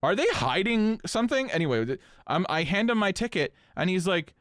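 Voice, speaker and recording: A man co-hosting a podcast, telling a story in casual chat, animated and swearing freely. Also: a little fast, hardly any pauses, dry recording, clean studio sound. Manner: animated, swings pitch up when incredulous, swears casually. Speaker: podcast co-host.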